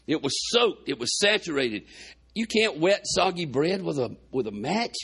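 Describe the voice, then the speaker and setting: A man preaching, his voice gravelly and a little husky, set somewhat high for a man. He retells scripture in a folksy storytelling way, acting out the dialogue, with congestion in his chest. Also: sing-song, normal speed, fairly bright tone. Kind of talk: sermon storytelling.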